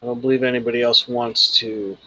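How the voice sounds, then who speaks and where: A man's voice: mid-range voice, little pitch movement, fairly quick, pushed and bright, no room sound, rough recording. A man voicing a brash, cocky male goblin who talks bluntly and swears. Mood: warning.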